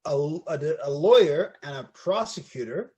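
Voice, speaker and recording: A man co-hosting a casual podcast, telling a story and acting out the people in it, sometimes shouting their lines. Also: a little high, moderate pace, breathy edge, highs cut off. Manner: animated storyteller, acts out voices and shouts. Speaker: podcast co-host.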